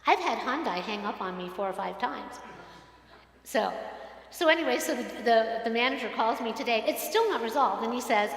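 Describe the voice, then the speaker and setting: Animated woman clergy telling a story in an echoey hall. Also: a little high, fairly quick. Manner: animated storytelling, acting out quoted exchanges. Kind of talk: conversational sermon story. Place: synagogue sanctuary.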